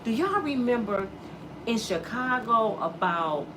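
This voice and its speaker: A woman YouTuber giving blunt, animated commentary to her viewers and acting out the voices of people she quotes. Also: on the high side, unhurried, recorded from a distance, noisy background. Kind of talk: casual commentary to camera.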